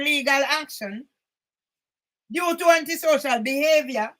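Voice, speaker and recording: Indignant older woman, high voice. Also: normal speed, rough recording. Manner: indignant, often bursts into shouting. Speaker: channel host. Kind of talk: reading documents aloud with angry comments.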